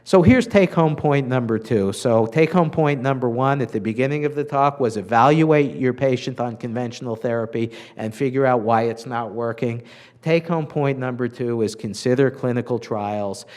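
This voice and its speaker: A physician giving a conference lecture to clinicians, measured and earnest, with frequent filler sounds. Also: male voice, mid-range voice, a little mellow.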